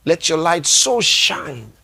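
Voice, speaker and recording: Slow, deliberate preaching pastor, man. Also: a little high, very animated, vocal fry, pushed and bright, breathy edge. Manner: emphatic preaching, repeating key phrases; reads scripture aloud slowly. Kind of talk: sermon.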